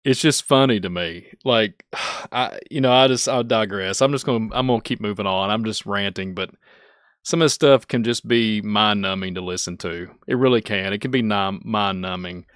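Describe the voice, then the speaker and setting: A man's voice: on the low side, moderate pace, fairly bright tone, clear, resonant tone, no room sound, studio quality. A man from Kentucky with a Kentucky accent, hosting his channel with casual, rambling, self-mocking commentary. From Kentucky, USA. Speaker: channel host.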